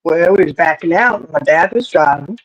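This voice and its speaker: A storyteller telling a family tale in a folksy, animated, rambling way with many asides. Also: mid-range voice, moderate pace, dry recording, dull audio. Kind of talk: casual storytelling.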